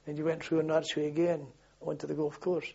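A man's voice: fairly high pitch, level tone, a little fast, gravelly, darkish tone, slightly rough. An older man, recalling his army days in a rambling way, repeating words and chuckling. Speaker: interviewee recalling army service. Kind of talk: oral history reminiscence. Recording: dull lo-fi archive tape.

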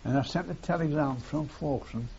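A man's voice: on the high side, fairly quick, gravelly, a little mellow, husky. An older man, reminiscing in a rambling way and ending his phrases with "see". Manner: rambling, repeats phrases, tags lines with "see". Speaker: war veteran interviewee. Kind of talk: oral history reminiscence. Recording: dull lo-fi tape with faint hiss.

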